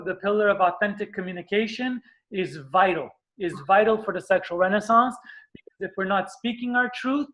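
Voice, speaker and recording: Earnest man giving a spiritual talk. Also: sits high. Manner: earnest, animated, acts out screams and stomps. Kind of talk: motivational talk.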